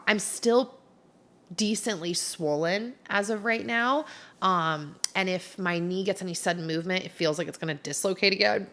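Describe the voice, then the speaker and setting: A woman vlogger telling a personal story to camera in a chatty, animated, self-described dramatic way, seated indoors. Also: medium pitch. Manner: chatty and animated, heavy use of "like". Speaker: YouTuber.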